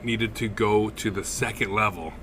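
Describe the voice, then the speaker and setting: Crowd noise surrounds a podcast co-host with a fairly low voice as he tells a story at normal speed. It's casual chat, loaded with profanity, laughs, and lively delivery.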